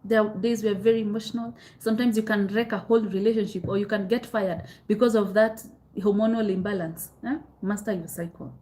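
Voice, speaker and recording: A woman's voice: medium pitch, fairly even intonation, a little fast, warm tone. A young Kenyan woman hosting a live self-help stream, answering viewers' comments candidly and repeating her advice, with Swahili phrases mixed in.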